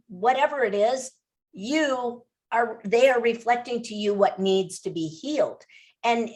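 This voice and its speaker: A woman guest on a podcast, telling personal stories in an emphatic, animated way, often repeating phrases for stress. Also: a little high. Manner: emphatic, animated storytelling with repetition. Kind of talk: interview.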